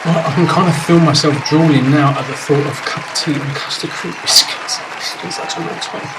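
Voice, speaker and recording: A man hosting a chat show, talking in playful, quick-fire banter with a guest. His pitch sits in an ordinary middle range, with faint noise in the background. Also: fairly even intonation, crowd noise. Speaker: host. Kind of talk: casual chat.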